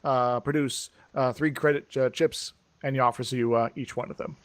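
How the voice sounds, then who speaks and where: A man's voice: mid-range voice, fairly even intonation, moderate pace, no room sound. A man narrating a tabletop game as game master, rambling with many fillers.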